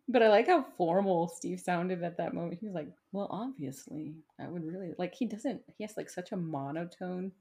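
A woman co-hosting a podcast, recapping a show in casual chat with quick asides and frequent laughter. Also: fairly low pitch, dark tone. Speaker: podcast co-host.

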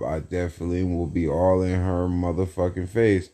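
A man's voice: sits low, level tone, normal speed, few pauses, dark tone. A young man hosting a solo podcast in a casual, rambling monologue, repeating phrases and chanting hype lines with slang. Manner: repetitive, hype chanting, self-talk with slang. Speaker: podcast host.

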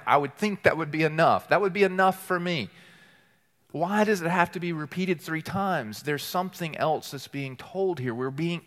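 A man preaching a sermon as teaching pastor, earnest and deliberate, building emphasis through repeated phrases and reading scripture aloud slowly. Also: fairly high pitch, a bit bright. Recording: long hall reverb.

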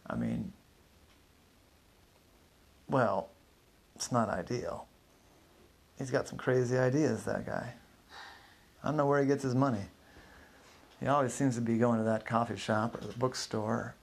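A man's voice: medium pitch, measured pace, vocal fry, pauses often, husky. A man doing a weary, rambling middle-aged neighbor. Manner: rambling, hesitant, many fillers. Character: neighbor man in his forties, weary, evasive.

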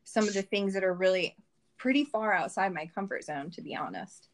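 A woman's voice: medium pitch, a little fast. A woman guest in a casual podcast interview, telling personal stories in a candid, reflective way.

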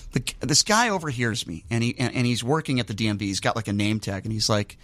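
A man's voice: mid-range voice, animated, no room sound. A male radio talk show host chatting casually, self-deprecating in manner. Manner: fast, self-deprecating, bright delivery. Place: radio studio.

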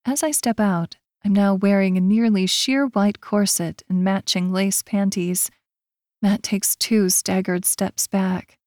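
A woman's voice: mid-range voice, fairly even intonation, a little slow, a little mellow, dry recording, studio quality. A woman narrating a romance audiobook in first person, voicing the characters in turn.

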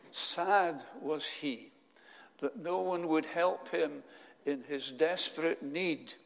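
Slow gravelly preacher in echoing church. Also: male voice, a little high, fairly bright tone. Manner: slow, storytelling delivery with solemn pauses. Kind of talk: sermon.

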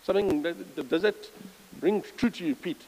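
A man's voice: high voice, moderate pace, a little mellow, long reverb tail, poor audio. A man giving an informal church sermon, reading scripture aloud with emphasis and chatty, self-correcting asides. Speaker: lay preacher.

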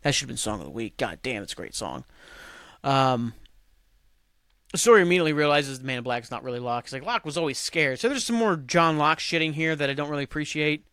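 A man's voice: medium pitch, animated, fast talker, a bit bright, clean tone, dry recording, studio quality. A man hosting his own podcast, recapping in a loose, rambling way with lots of fillers and swearing. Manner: rambling and profane, heavy on "like" and "um". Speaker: podcast host. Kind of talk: casual solo podcast recap.

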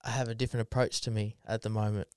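Man, podcast co-host, casual rambling chat, swears a lot, laughs often, smooth resonant voice. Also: lowish voice, level tone, fast, a little mellow, no echo, studio quality.

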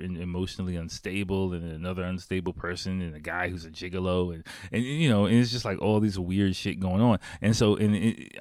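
A young man with a very low voice rambles through a movie recap, full of fillers, restarts and casual swearing. The sound is dry and close, with no room around it. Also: darkish tone, no echo.

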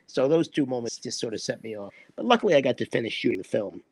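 A man, an actor guest, telling a set story in conversation as an animated storyteller who acts out the quotes. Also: medium pitch, fast talker, no room sound.

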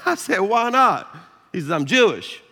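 A Southern American pastor preaching in a long, echoing hall, his voice pitched high for a man and bright in tone. He tells a story with animated, self-deprecating humor and laughs often. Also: slow. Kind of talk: sermon with a storytelling anecdote. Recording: echoey hall reverb.

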